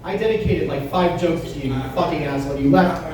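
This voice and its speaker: A male comedian works a club crowd with a punchy, conversational set, his voice mellow and a little high. The recording is distant and boomy, with long room reflections. A faint background hiss sits under it all. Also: fast talker, heavy reverb. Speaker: stand-up comedian.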